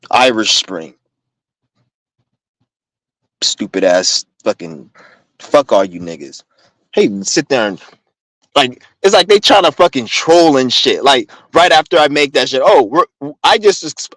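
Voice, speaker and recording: A man's voice: fairly high pitch, fairly bright tone, dry recording, poor audio. A young man ranting to his viewers in a heated, rambling, profane way, recorded on a phone. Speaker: vlogger. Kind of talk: casual rant to camera.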